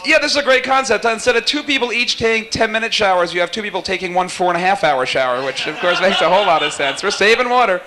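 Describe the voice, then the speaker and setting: A man warming up a live talk show audience, teasing guests and cracking quick jokes. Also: high voice, noisy background. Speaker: talk show warm-up host. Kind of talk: jokey stage banter with audience.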